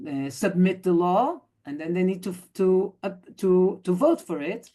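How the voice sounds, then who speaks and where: Belgian-born woman, 50s, lowish voice, emphatic speaker on a video call, acts out dialogue. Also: darkish tone. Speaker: guest speaker, activist. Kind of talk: online talk.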